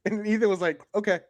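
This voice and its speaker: A man co-hosting a livestream chat who drops in wry, quick jokes. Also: fairly high pitch, no echo. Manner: wry, quick joking interjections. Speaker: podcast co-host.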